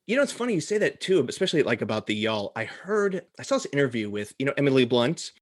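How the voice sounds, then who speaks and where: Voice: mid-range voice, big pitch swings, fast, dry recording, clean studio sound. Friendly podcast host with rambling questions. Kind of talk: podcast interview.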